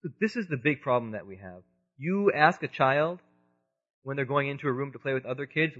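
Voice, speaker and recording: A preacher in his thirties delivers an earnest religious lecture, moving between loud emphasis and quiet asides. His voice is a little high, expressive, and fast. The recording sounds dull and lo-fi.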